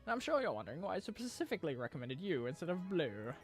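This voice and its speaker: A man voicing a kindly older male professor in a game, measured and reassuring. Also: on the high side, big pitch swings, soft background music.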